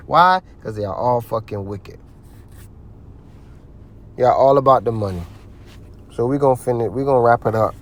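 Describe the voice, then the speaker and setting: A man's voice: medium pitch, expressive, unhurried, long pauses, a bit bright. A man giving heated religious commentary, ranting in a profane, preachy way.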